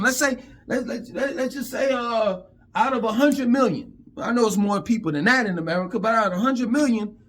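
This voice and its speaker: A man's voice: very high voice, fairly bright tone. Heated, profane man ranting. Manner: heated, profane, stammering repetitions. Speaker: vlogger. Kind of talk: angry monologue rant.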